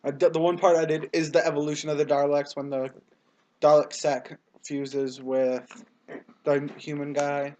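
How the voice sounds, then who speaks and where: A man with a slightly high voice, chatting casually as co-host of a review. He gives his opinions in a plain, matter-of-fact way, with a faint hiss of noise in the recording. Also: little pitch movement, moderate pace, mellow, muffled recording. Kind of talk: casual chat.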